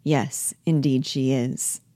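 A woman reading the part of a sober, firm woman friend, quiet and plain-spoken, in a low, dry voice. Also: steady tone, takes it slowly, no echo. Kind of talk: reading a play aloud.

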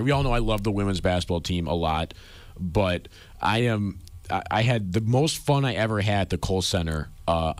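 A man's voice: deep voice, no echo. A young man co-hosting a casual sports chat show, chatty and enthusiastic. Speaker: co-host.

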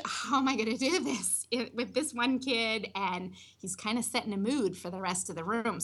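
A woman high school teacher telling an emotional personal story about a student. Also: pushed and bright, slightly rough.

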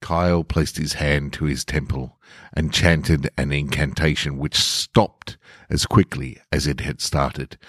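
Very deep, slow male storyteller. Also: fairly even intonation, a bit bright, breathy edge, no echo, clean studio sound. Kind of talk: scripted narration.

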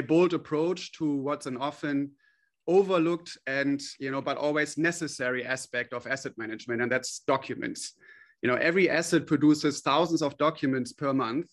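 Man, CEO guest, earnest, hesitant with fillers, slightly high voice. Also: a bit bright. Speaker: company CEO, interview guest. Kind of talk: interview answers.

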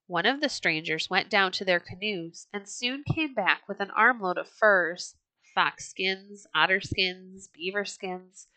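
A woman reading a children's storybook aloud as a podcast storyteller, measured and expressive. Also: mid-range voice, no echo.

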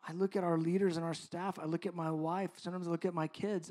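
High-voiced pastor preaching with fervor. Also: male voice, level tone. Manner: swings from loud emphatic preaching to hushed near-whispers; slow, drawn-out stresses on key words. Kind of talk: sermon.

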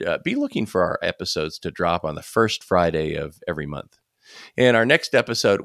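A man's voice: low voice, vocal fry, no room sound, studio quality. A man co-hosting a faith podcast, speaking reflectively with frequent restarts before signing off the show. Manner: reflective, stammering restarts, lively delivery. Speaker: podcast co-host. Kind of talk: faith-based podcast talk and sign-off.

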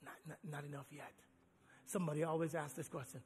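A man preaching a fervent sermon, repeating refrains and swinging between loud and hushed delivery. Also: fairly high pitch, level tone, fast, breathy edge. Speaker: pastor. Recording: long reverb of a large hall.

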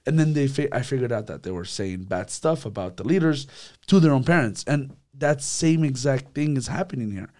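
A man leading a church youth group discussion, animated and repetitive, acting out quotes as he talks. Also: mid-range voice, brisk. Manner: animated, acts out quotes, repeats words. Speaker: youth leader.

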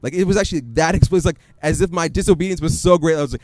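A man preaching a sermon in a conversational, animated storytelling way, often acting out his own asides. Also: a little high, very fast, hardly any pauses, no room sound. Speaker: pastor.

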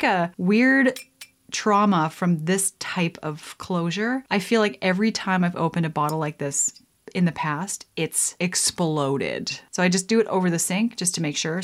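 A young woman vlogging casually while she mixes a drink, chatty and playful, with frequent laughs and asides. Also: on the low side.

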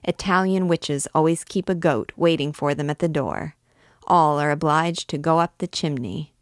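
A woman voicing a vagabond leader who lectures his followers in falsetto tones. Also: moderate pace, no echo, studio quality, close to an everyday voice. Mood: lecturing. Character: vagabond chief speaking in falsetto to his band.

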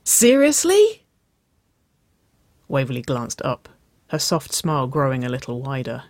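A narrator reading a story aloud in a slow, measured way. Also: mid-range voice, fairly even intonation, no room sound.

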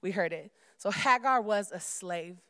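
Smooth-voiced young woman preaching casually. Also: mid-range voice, expressive, measured pace, a bit bright, dry recording, clean studio sound. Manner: informal, addresses listeners as y'all, prays and reads aloud. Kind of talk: sermon.

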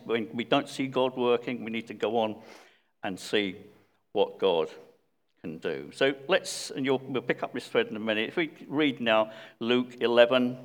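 A man preaching a sermon in a church, talking conversationally with hesitant pauses and restarts. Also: mid-range voice. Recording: long reverb of a church hall.

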